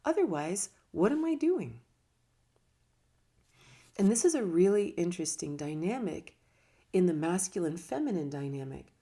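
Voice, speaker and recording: This is a woman yoga and meditation teacher with a gravelly, dark voice on the low side, chatting in a casual, reflective way about teaching. She laughs from time to time, and her voice rises and falls as she talks with her hands.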